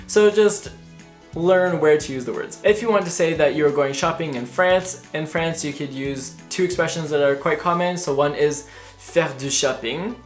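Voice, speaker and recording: A young woman from Canada giving a casual, friendly explanation to her viewers in a vlog. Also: sits low. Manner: friendly, chatty teaching tone. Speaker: language vlogger.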